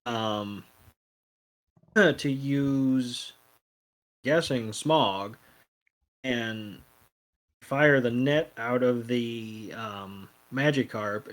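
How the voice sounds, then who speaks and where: Man, podcast co-host, laid-back casual chat, frequent fillers, mid pitch. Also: fairly bright tone, poor audio. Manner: laid-back, lots of ums, swears.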